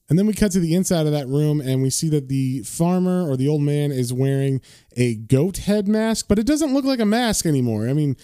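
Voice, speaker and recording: A man's voice: a little high, animated, a little fast, mellow, smooth, no echo, studio quality. A man casually recapping and reading a comic book issue as a podcast host. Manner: casual, with fillers and laughs.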